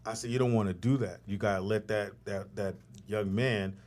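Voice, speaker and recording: A man's voice: on the low side, fairly even intonation, normal speed. A man who is a father, chatting casually on a podcast and telling loose, joking stories. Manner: loose, joking storyteller with bursts of loud voices.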